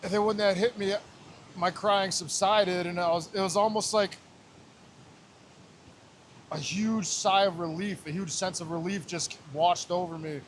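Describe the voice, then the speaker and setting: A man's voice: high voice, fairly even intonation, a little slow, long pauses, slight background noise. A man in his thirties, a podcast guest, telling a personal story in casual talk, raw and emotional and swearing freely. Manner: raw, emotional, swears often, retells scenes with quoted voices.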